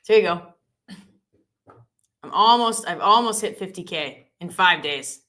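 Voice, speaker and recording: Chatty joking woman host, lowish voice but really bright and punchy. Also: animated. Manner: chatty, joking, quick asides. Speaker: live-stream host trader. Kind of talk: casual live-stream chat.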